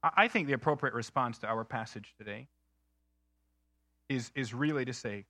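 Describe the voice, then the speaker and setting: A man preaching a sermon in an earnest, emphatic way, slowing down to stress key phrases. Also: mid-range voice, sing-song, a bit bright, dry recording, clean studio sound. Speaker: pastor.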